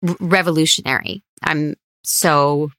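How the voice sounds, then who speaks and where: A woman's voice: low-pitched, fairly even intonation, unhurried, a bit bright, dry recording, studio quality. A woman who is a guest on a podcast, speaking earnestly and from the heart in a casual film discussion.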